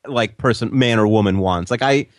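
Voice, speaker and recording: A middle-aged man co-hosting a podcast in casual chat, talking fast with lots of fillers. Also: fairly low pitch, no echo, clean studio sound. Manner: quick, animated, lots of fillers. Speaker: podcast co-host.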